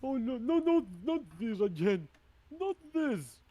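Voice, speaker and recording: A man voicing a huge male hill giant who yells in alarm. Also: extremely high pitch, big pitch swings, slow pace, dry recording, voice pushed up, exaggerated voice. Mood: panicked. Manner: yelling in alarm.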